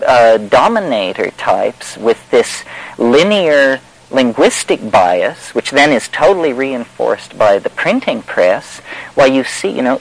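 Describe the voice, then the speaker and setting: A man's voice: mid-range voice, vocal fry, low-quality recording. Wry, meandering man lecturing. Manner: wry, meandering and emphatic, with many fillers. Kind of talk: discursive spoken talk.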